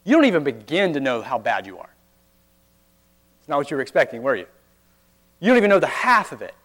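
Male pastor, slightly raised pitch, earnest conversational sermon, asks rhetorical questions. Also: huge pitch swings, quick pace, fairly bright tone.

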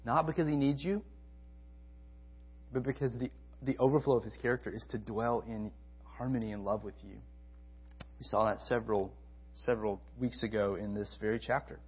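A man preaching a sermon to a college ministry, emphatic, repeating key phrases and swinging between loud stresses and soft asides. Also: medium pitch, moderate pace, pauses often, husky, dull audio.

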